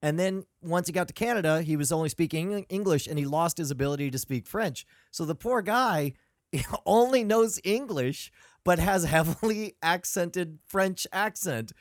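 A man's voice: sits high, expressive, moderate pace, dry recording, clean studio sound. A man co-hosting a podcast, telling rambling stories in casual chat and chuckling mid-sentence. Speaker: podcast co-host.

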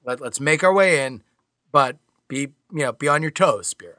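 A man bantering in character as a wisecracking cop during a tabletop role-play. His voice is bright and a touch high, with lively swings in pitch. The sound is close and dry. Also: moderate pace, no room sound. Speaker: player.

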